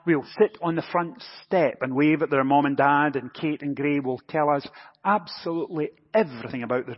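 A man preaching a sermon as pastor, telling a light, gently humorous story before moving into scripture. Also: fairly high pitch, slightly rough. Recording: dull recording with long church reverb.

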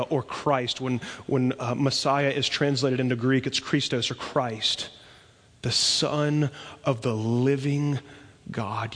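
A man preaching a sermon as pastor, telling stories with lively swings from soft to loud. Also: medium pitch, slow. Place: church sanctuary. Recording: long church reverb.

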